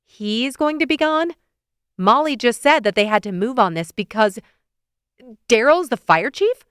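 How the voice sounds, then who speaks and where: A woman narrating a first-person romance audiobook in a lively, expressive way, often lifting into excited questions, recorded close to the mic. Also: mid-range voice, normal speed, clean tone, no room sound.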